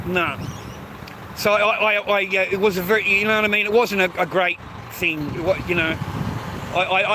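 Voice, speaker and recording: An Australian man in his fifties, ranting aggrieved and profane in a vlog, stammering over restarts. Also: sits high. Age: 50s. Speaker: vlogger. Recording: noisy outdoor street recording.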